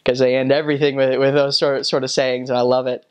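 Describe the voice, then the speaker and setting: A man in his twenties, a former missionary, talking casually and haltingly about his time abroad. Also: mid-range voice, clean tone. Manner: relaxed, halting, full of fillers. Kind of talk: casual storytelling.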